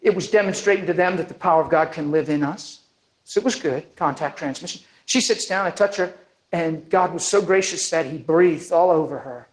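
High-voiced, animated male preacher. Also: fairly quick, low-quality recording. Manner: animated, acts out the people in his stories. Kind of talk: storytelling sermon.

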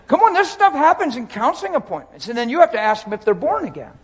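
A man's voice: very high voice, big pitch swings, fast talker, hardly any pauses, husky, rough recording. A man, a pastor, preaching a personal and emotional sermon in a conversational way, often talking straight to the crowd.

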